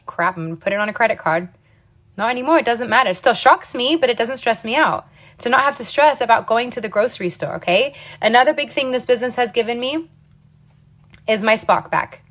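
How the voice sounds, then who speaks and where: A woman in her thirties from the U.S., with a fairly high, slightly bright voice and a somewhat quick pace, gives a casual motivational talk to camera about her own business story. She stays emphatic, frequently checking in with "okay?" and repeating "you guys."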